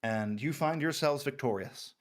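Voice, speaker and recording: A man narrating a tabletop game as game master, relaxed and laughing, with many fillers. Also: mid-range voice, moderate pace.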